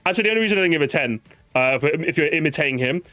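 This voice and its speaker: A man's voice: fairly high pitch, animated, very fast, pushed and bright, no room sound, faint music behind. A man with a British accent hosting a casual stream, playful and sarcastic, laughing often. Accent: British English. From Britain. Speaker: streamer host.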